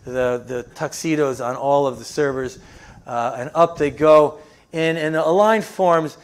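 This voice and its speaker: A man's voice: on the high side, a little slow, clear, resonant tone. Man preaching a story-driven sermon. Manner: storytelling with frequent fillers, softening to an earnest appeal. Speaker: pastor.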